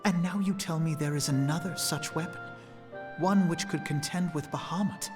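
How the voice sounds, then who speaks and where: A man's voice: a little high, normal speed, over music, natural voice. An actor playing a formal, earnest male ally in a game cutscene, with courteous, formal phrasing. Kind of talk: video game cutscene voice acting.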